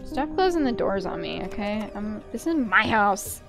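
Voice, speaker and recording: A woman streaming a horror game, talking loudly and joking at it with frequent swearing. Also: medium pitch, big pitch swings, moderate pace, music in the background. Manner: loud, profane, joking at the game. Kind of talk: casual gaming commentary.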